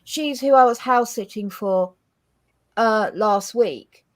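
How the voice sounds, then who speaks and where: An English woman with a slightly high voice chats casually as a co-host. She is blunt and animated, and she swears freely as she talks. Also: slow. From England. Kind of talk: casual chat.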